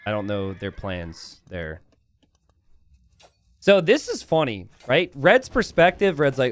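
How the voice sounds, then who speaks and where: A man giving casual strategy game commentary, chatty with relaxed asides, then bursting into excited shouts and laughter at big plays. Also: mid-range voice, takes it slowly, long pauses, no echo. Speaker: game caster.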